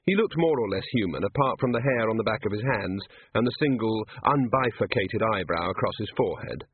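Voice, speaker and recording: A man narrating a story in a lively storytelling manner. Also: on the low side, brisk, a little hiss or hum. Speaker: audiobook narrator. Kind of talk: scripted narration. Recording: tinny phone-like dry recording.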